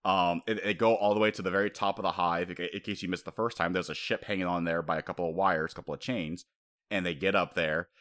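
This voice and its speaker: A man co-hosting a casual chat, talking in an animated way, laughing often and acting out quotes. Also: low voice, quick pace.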